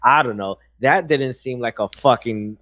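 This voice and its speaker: A man co-hosting a casual podcast chat, talking hesitantly with many pauses and restarts. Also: mid-range voice, dull audio, crowd noise. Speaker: podcast co-host.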